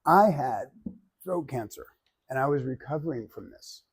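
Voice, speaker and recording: A man with a husky, mid-range voice gives a public speaking class a demonstration speech. He stays animated and joking and speaks straight to his listeners. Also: mid-range voice, normal speed. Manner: animated and joking, addressing the audience directly.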